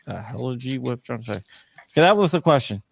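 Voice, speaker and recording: A man's voice: medium pitch, animated, fast talker, creaky, a little hiss or hum. A man hosting a live stream, reading viewer questions aloud and joking about them. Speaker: host.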